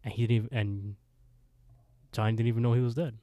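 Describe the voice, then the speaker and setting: At medium pitch and a quick pace, this podcast co-host chats casually through a TV episode recap. He acts out each character's lines with animated energy, quoting dialogue and laughing often.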